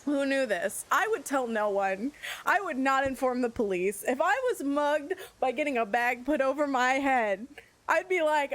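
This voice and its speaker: American woman streamer, high bright voice, laughs and swears nonstop while gaming. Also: normal speed, no room sound. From United States. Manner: laughs constantly, animated, swears. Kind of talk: live gameplay commentary.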